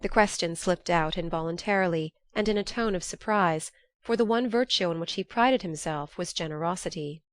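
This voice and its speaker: An audiobook narrator reads a classic novel in a steady, measured way, her voice low for a woman. The scripted narration is recorded dry and close, with no room sound.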